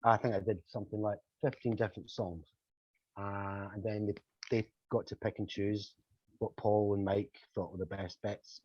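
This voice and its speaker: An older man, a musician telling animated anecdotes as an interview guest. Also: lowish voice, moderate pace, husky, no room sound. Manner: animated anecdotes, acting out quoted voices. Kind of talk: storytelling in a podcast interview. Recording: slightly dull lo-fi audio.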